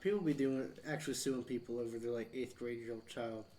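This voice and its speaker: A man's voice: medium pitch, brisk, warm tone. A young man, a podcast co-host, chatting casually with blunt, joking banter. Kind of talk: casual chat. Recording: mic at a distance.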